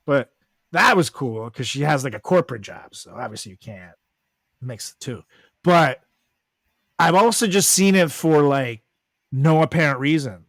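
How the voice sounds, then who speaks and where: Crude higher-pitched man telling stories. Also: no room sound. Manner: crude, laughing storyteller. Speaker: podcast co-host. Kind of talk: casual podcast chat.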